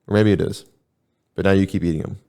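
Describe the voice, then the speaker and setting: Deep-voiced man in casual podcast chat. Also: steady tone, fast, mellow, smooth. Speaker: podcast co-host.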